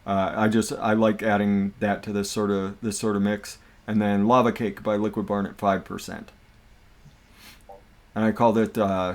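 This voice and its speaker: A man hosting a casual livestream, chatting in a relaxed, jokey way with friends. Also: on the low side, moderate pace. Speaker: livestream host.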